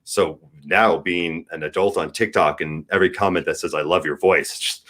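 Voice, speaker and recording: A man's voice: low voice, fairly even intonation, normal speed, a bit bright. A man in his forties, a podcast guest, talking candidly and earnestly and giving advice in casual chat. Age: 40s.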